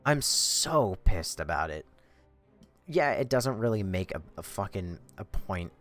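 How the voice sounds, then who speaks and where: A lower-voiced man talks on a game stream, swinging his pitch widely as he vents with a steady run of swearing. Faint music plays behind him. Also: unhurried. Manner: profane, exasperated ranting. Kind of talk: livestream chat.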